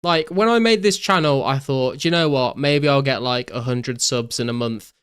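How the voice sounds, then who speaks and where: A young British man live-streaming a game, casually chatting and excitedly thanking viewers, swearing often. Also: mid-range voice, normal speed, clear, resonant tone. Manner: excitable, swears a lot, thanks donors profusely.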